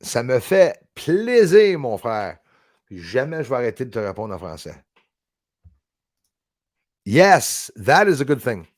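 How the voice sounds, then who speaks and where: A man's voice: medium pitch, big pitch swings, a little slow, pauses often, no echo, clean studio sound. A man hosting a casual live stream, chatting with viewers by name and swearing casually. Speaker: livestream host.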